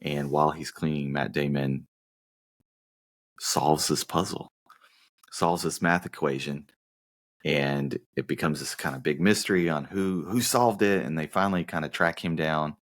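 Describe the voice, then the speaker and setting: A man with an extremely deep voice co-hosts a movie podcast in easy, casual chat. He teases his partner and wanders through long plot summaries. He is from the American South. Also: normal speed. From Southern United States. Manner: teasing, rambling plot summaries. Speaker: podcast co-host.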